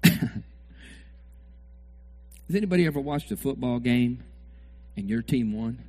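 A middle-aged man preaching a sermon, acting out sports fans yelling at the TV. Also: mid-range voice, unhurried. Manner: animated, acts out fans shouting at the TV.

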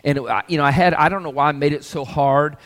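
Male pastor preaching, fairly high voice, rhetorical questions to the congregation, long church reverb. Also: fast talker, a bit bright. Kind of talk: sermon.

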